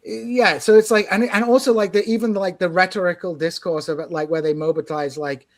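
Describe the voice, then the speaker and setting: A man hosting a casual political discussion podcast, talking in animated, opinionated bursts. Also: high-pitched, fairly quick. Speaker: podcast host.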